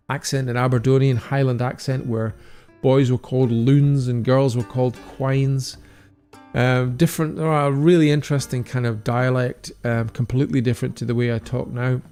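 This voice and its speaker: An older Scottish man talks with a gravelly edge, steady at a middle pitch. He hosts a casual livestream, offering friendly encouragement and reading viewer comments. Faint music plays underneath. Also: moderate pace. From Scotland. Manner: chatty, encouraging, reads viewer comments aloud. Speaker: stained glass artist hosting a livestream.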